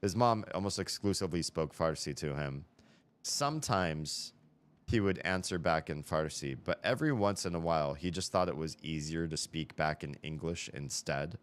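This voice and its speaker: A man's voice: very deep voice, moderate pace. A man hosting a live stream, rambling through casual chat and correcting himself as he thinks aloud into a headset mic.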